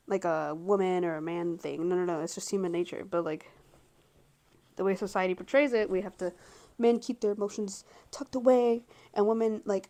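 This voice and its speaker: A woman's voice: mid-range voice, mellow. Twenties woman, casual home vlog to camera; rambling, frank, filler-heavy delivery. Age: 20s. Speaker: vlogger.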